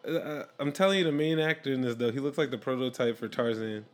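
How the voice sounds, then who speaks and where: A man's voice: medium pitch, fast. A young man chatting casually while watching a movie with a friend, rambling with lots of fillers and laughing often.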